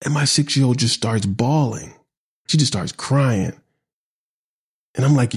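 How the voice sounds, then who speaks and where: A middle-aged man hosting a podcast, telling a personal story with lively acted-out dialogue. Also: mid-range voice, unhurried, husky. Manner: animated storyteller, acts out quoted dialogue. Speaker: podcast host. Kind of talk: conversational podcast talk, then reading a poem.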